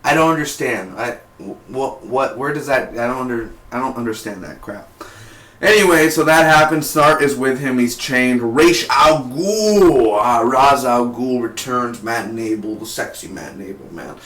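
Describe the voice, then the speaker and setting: A young man casually reviewing a TV episode, rambling and excitable, with lots of "like" and "man". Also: mid-range voice, normal speed. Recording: echoey room.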